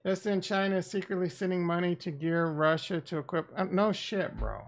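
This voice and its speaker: A high-pitched, creaky-voiced man speaks at a moderate pace while streaming casually. This crypto streamer mutters to himself into a desk mic, his live commentary blunt, sarcastic and profane.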